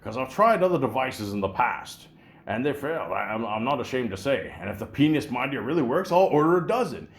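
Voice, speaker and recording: A man's voice: medium pitch, very animated, fairly quick, reverberant, lightly acted. A man doing an impression of a brash, crude older male game show contestant.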